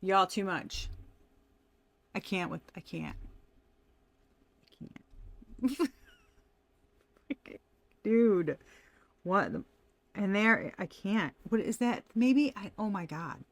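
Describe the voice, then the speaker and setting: A woman's voice: medium pitch, lively intonation, extremely slow, long pauses. A woman giving a casual tarot reading, talking animatedly, laughing often and swearing freely. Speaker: tarot reader.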